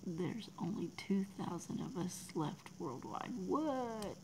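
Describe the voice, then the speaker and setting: A woman's voice: on the low side, lively intonation, slow pace, few pauses, warm tone, a little hiss or hum, rough recording. A Texan woman from Texas chatting casually with her livestream viewers, rambling, reading the chat aloud and laughing often. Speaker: livestream artist.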